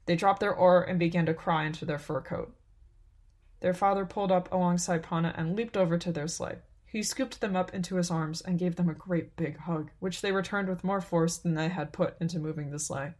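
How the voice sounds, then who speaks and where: A woman narrating a story in a calm, unhurried, even way. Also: fairly low pitch. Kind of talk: scripted narration.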